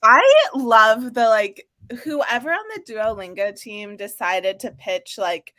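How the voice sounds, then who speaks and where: A woman with a fairly high, bright voice co-hosts a live stream in easy, chatty talk full of fillers. The sound is dry and close, as on a video call. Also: slow pace, dry recording. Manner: chatty, upbeat, frequent fillers. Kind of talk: casual chat. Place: home or office, working from New York.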